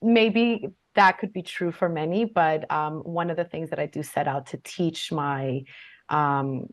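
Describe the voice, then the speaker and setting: A woman's voice: low voice, unhurried, dry recording. A woman moderating a panel, speaking in a direct, cautioning manner as she reads questions and adds her own points. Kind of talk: panel discussion.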